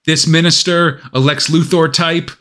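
A man's voice: a little high, steady tone, a little slow, bright, forceful tone. A man co-hosting a casual podcast, recapping a comic story with wry asides. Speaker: podcast co-host.

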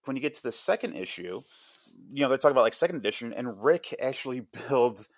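A man hosting a podcast, retelling a comic's story in casual chat, animated and full of fillers. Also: medium pitch, fast, creaky, dry recording. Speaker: podcast host reviewing a comic.

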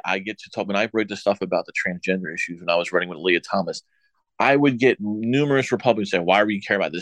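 A man co-hosting a political talk show, arguing his case haltingly with many fillers and repeated words. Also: sits low, fairly bright tone, no echo. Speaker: show co-host.

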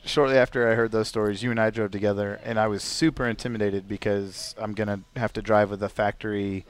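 Animated storytelling male host. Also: on the low side, fast. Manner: animated storyteller, acts out quotes, frequent "like". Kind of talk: casual chat.

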